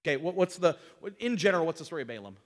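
A man with a fairly high voice teaches a Bible class in a relaxed, conversational way. He quizzes his listeners and acts out the quoted lines as he retells the story. His voice rings with a long reverb, as if he is in a large hall. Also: very fast. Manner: conversational, asks the group questions, retells scenes with lively voiced quotes.

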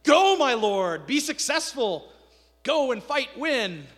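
A man's voice: fairly high pitch, lively intonation, moderate pace, a bit bright, voice pushed down. A man voicing an earnest, stubborn prophet who speaks solemnly, during a sermon retelling. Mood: mocking. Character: stubborn honest male prophet, grave. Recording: echoey hall reverb.

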